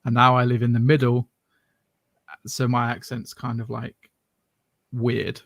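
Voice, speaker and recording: A man's voice: mid-range voice, monotone, unhurried, vocal fry, a bit bright, no room sound. A man from southern England with a mixed English regional accent, talking in a rambling, self-correcting way as a podcast co-host. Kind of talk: casual chat.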